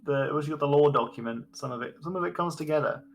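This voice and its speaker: A man's voice: on the high side, fast talker, faint music behind. A man chatting casually on a live stream as game master, rambling and correcting himself as he goes. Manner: rambling, self-correcting, laughs often.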